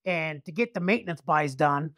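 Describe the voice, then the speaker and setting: A man's voice: on the high side, moderate pace, fairly bright tone, dry recording, studio quality. A man detective telling a story casually, rambling, restarting often and swearing freely. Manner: rambling, with frequent restarts and profanity.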